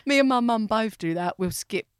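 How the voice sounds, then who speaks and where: A woman's voice: a little high, animated, moderate pace, clear, resonant tone. A young woman co-hosting a comedy podcast, chiming in with dry, teasing remarks. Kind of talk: casual comedic banter.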